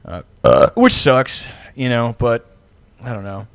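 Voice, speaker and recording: A man's voice: medium pitch, lively intonation, unhurried, gravelly, dry recording. Rambling, profane man in podcast chat. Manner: rambling, profane, lots of fillers; laughs often. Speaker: podcast co-host. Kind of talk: casual chat.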